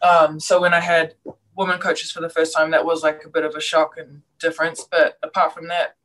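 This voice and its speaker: Bright-voiced New Zealand woman. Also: low-pitched, a little fast, rough recording. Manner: relaxed and candid, warm laughs, plain-spoken. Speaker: guest, basketball player. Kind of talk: casual interview.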